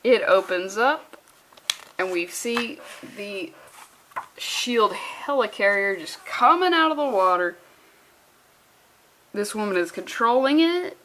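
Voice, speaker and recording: A woman's voice: medium pitch, lively intonation, takes it slowly, pauses often, fairly bright tone, slight background noise. A young woman reviewing a comic book in a casual vlog, sarcastic and profane, rambling as she talks.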